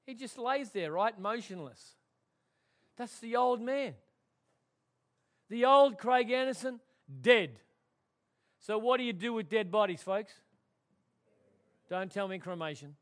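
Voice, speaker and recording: A man preaching a sermon, swinging from loud emphatic declarations to hushed, quiet tones. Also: high voice, animated, slow, pauses often. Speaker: pastor.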